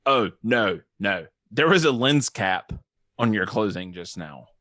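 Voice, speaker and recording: A young adult man chatting casually as a podcast guest, animated and joking. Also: on the low side, a little slow, no echo, studio quality. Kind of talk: casual chat.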